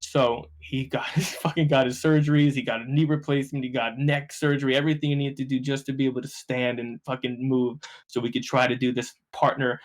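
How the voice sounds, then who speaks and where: A man's voice: medium pitch, fairly quick, hardly any pauses. A young man, a podcast guest telling stories casually, swearing freely and acting out the voices of people he quotes. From New Jersey. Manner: profane, animated, acts out quoted voices. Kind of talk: casual storytelling.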